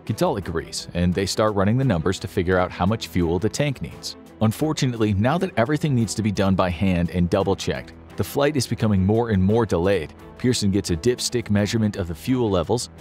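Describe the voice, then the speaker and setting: A man giving scripted narration of a dramatic story in a steady, storytelling manner. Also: fairly low pitch, brisk, hardly any pauses, faint music behind.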